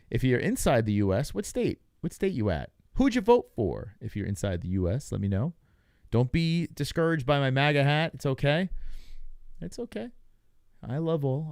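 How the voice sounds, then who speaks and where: A young male livestream host with a slightly high voice chats to his audience and jokes loosely while reacting to results. The studio-quality recording has no room sound, and the talk is casual live reaction commentary.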